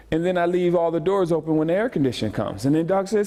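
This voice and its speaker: A male pastor delivers a casual, humorous sermon in a church. His voice sits high for a man, and he talks in quick bursts, repeating phrases and calling out to the congregation. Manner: animated, jokey, repeats phrases, speaks to the congregation. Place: church sanctuary.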